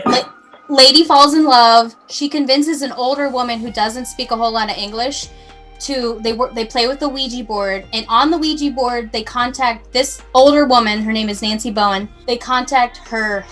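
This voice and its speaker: A woman's voice: fairly high pitch, normal speed, a bit bright, soft background music. A woman casually telling a true crime story to her co-host, in a chatty, rambling way that often interrupts itself.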